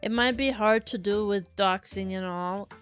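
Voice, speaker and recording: A woman's voice: mid-range voice, normal speed, clean tone, soft background music. A woman hosting a stream in casual chat, teasing and curious toward her guest. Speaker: stream host.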